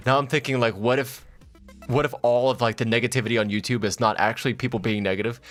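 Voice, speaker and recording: A man's voice: medium pitch, fairly even intonation, fast, a bit bright, soft background music. A man with a slight Southern US accent streaming a game, rambling casually, laughing often and swearing freely. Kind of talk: casual live-stream commentary.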